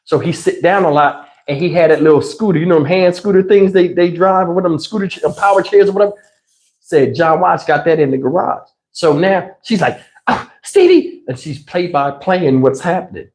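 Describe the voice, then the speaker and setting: A man hosting a livestream, telling a wild personal story in an excitable, conversational way. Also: fairly high pitch, fairly quick. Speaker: channel host.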